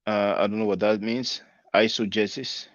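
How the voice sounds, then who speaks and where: A man in his forties with a lowish voice hosts his channel, reading out viewer comments and answering them in loose, conversational commentary. The sound is dry and a little dull, with no room echo. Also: steady tone, moderate pace. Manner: conversational, spells words out, laughs at comments. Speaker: channel host reading live chat.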